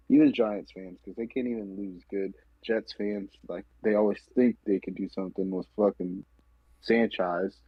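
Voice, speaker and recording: A man's voice: lowish voice, breathy edge, no room sound. A man co-hosting a sports podcast, ranting with lots of profanity in casual chat. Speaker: podcast co-host. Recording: dull lo-fi sound.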